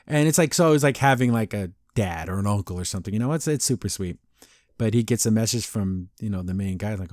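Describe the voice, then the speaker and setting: A man's voice: fairly low pitch, animated, fast, darkish tone, no echo, clean studio sound. A man hosting a podcast, recapping a cartoon episode in a rambling, casual way with many fillers and restarts. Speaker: podcast host.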